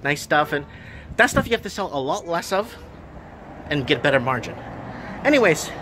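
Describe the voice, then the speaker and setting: A fairly high-voiced man in his thirties vents to his camera from his half-finished shop. He rambles, circles back and repeats himself in an exasperated, casual vlog rant. A faint hum of noise sits behind him. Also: fairly bright tone. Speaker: vlogger and shop owner. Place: shop under renovation.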